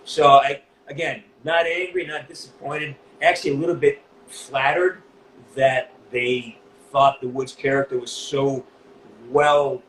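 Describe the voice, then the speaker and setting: A man's voice: mid-range voice, a little slow, echoey room, slight background noise, low-quality recording. Blunt, profane Northeastern American man. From New England, US. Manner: blunt, profane, animated storytelling. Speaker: voice actor guest. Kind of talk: candid interview.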